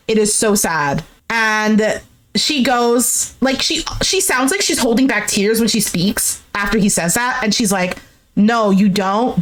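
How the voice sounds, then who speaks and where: A young woman giving a casual, indignant recap of a dating show, acting out the quoted lines in a lower voice and swearing freely. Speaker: recap streamer.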